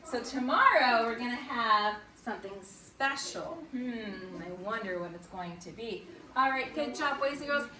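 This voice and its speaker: A woman teaching kindergarten and first graders in an online morning meeting, slow and sing-song. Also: fairly high pitch, animated, reverberant, distant mic, crowd noise. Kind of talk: remote morning meeting lesson. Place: at home or classroom on camera.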